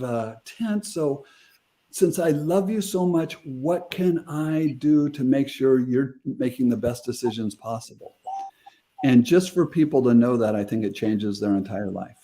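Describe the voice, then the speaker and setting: A man's voice: medium pitch, lively intonation, a little slow, warm tone. A middle-aged man, a guest on an interview show, earnestly retelling a personal story with quoted dialogue.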